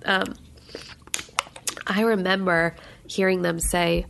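A woman's voice: on the low side, steady tone, moderate pace, vocal fry, slight background noise. A woman telling a personal story with emotion and animation, chatting casually with her partner. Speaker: new mother, co-host.

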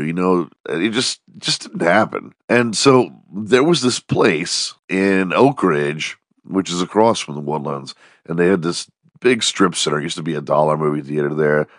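Deep-voiced man with a strained voice. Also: moderate pace, dry recording, studio quality. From Texas. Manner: profane, jokey, animated storytelling. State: strained, losing his voice. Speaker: podcast host. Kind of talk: casual rambling monologue.

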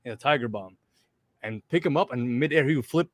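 A man's voice: medium pitch, fairly quick, noisy background. A man guesting on a podcast, talking enthusiastically and casually, often saying bro and swearing. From outside America. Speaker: guest, pro wrestler. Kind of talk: casual interview chat.

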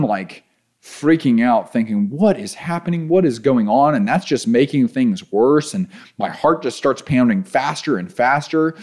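Man, casual storytelling, animated delivery, mid-range voice, lively pitch swings. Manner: animated, voice rising as he relives panic, then calm and low. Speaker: endurance athlete telling a race story.

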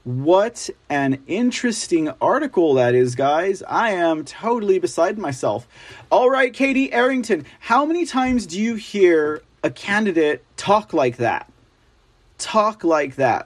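A man hosts a live political commentary stream in a fairly high voice, recorded close and dry. He reads articles aloud, then breaks off to react with excitement and greet his chat by name. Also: unhurried, no room sound. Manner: excitable, chatty, addresses viewers as guys. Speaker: host of a political commentary show.

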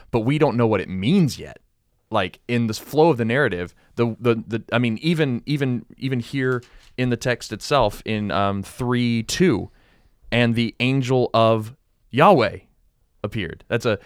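A man's voice: medium pitch, moderate pace, no echo, studio quality. A man co-hosting a casual Bible discussion, explaining at length with frequent restarts and asides. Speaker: Bible study co-host.

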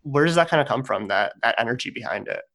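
A man interviewing a band, asking his question in an eager, loud voice. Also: medium pitch, expressive, fast talker.

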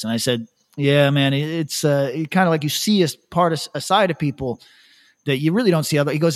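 A man hosting a podcast, telling rambling stories in casual chat, laughing often and dropping his voice low to quote people. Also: a little fast. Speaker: podcast host.

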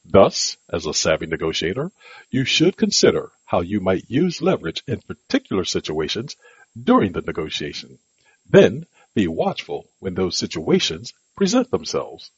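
Husky man reading negotiation lessons. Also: deep voice, wildly swooping pitch, dry recording. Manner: measured, advisory delivery of headed sections. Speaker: negotiation instructor. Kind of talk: scripted instructional narration. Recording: dull lo-fi dry recording.

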